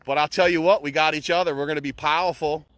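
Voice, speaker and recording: A man's voice: a little high, fairly even intonation, fast, fairly bright tone, no room sound. A middle-aged man giving an impassioned, blunt pep talk to camera, emphatic, repetitive and peppered with swearing. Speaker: motivational vlogger.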